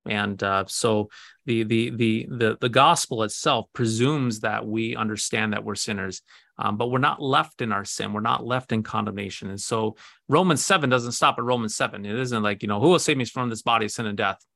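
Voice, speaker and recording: Gravelly-voiced pastor telling stories. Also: male voice, on the low side, moderate pace, no room sound, studio quality. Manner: animated storytelling with many restarts. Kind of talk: conversational teaching on faith.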